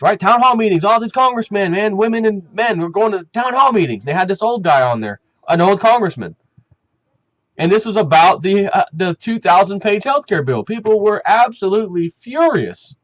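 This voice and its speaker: Male commentary host, high voice, dry close sound, heated unscripted rant. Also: normal speed, no room sound, poor audio. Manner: animated, heated, many fillers. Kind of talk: opinion rant.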